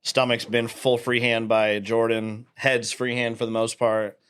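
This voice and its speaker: A man's voice: medium pitch, little pitch movement, measured pace, a bit bright, clean tone. A man in his thirties, a podcast guest telling stories in casual, profane chat and laughing often.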